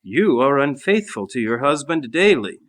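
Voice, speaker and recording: A man's voice: medium pitch, big pitch swings, normal speed, a bit bright. Old monk elder, holy fool, rebuking and blunt, read by a man in a monastery refectory. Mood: scolding. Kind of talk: reading a saint's life aloud.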